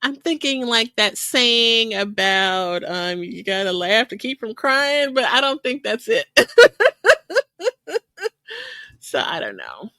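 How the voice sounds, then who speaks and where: A woman co-hosting a podcast in casual chat, talkative and quick to laugh. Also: a little high, sing-song, pushed and bright, clean tone, dry recording. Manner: chatty, laughs often, quick asides. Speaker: podcast co-host.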